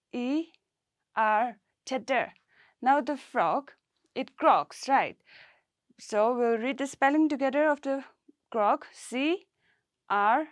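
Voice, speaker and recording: Slow high-voiced woman teacher. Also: dry recording, clean studio sound. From Nagaland, India. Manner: spells words letter by letter, prompts class to repeat. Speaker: primary school English teacher. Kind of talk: recorded classroom lesson.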